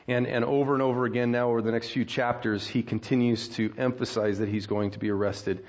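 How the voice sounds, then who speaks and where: A man preaches a sermon in a relaxed, conversational way, with a voice of middling pitch. He walks his listeners through scripture and grows animated when he acts out frustration. The recording sounds a little dull. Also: a little fast. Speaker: pastor.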